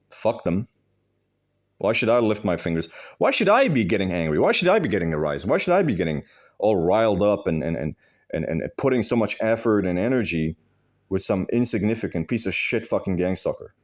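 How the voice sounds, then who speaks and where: A man giving advice in a direct monologue, blunt and emphatic, swearing freely and repeating phrases for stress. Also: fairly low pitch. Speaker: video host giving advice.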